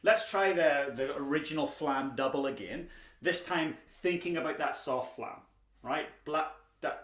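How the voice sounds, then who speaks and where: On the high side and fairly bright, a young man's voice guides a drumming lesson at a moderate pace. The instruction is conversational and encouraging, with occasional dad jokes, captured in an echoey room with plain background noise.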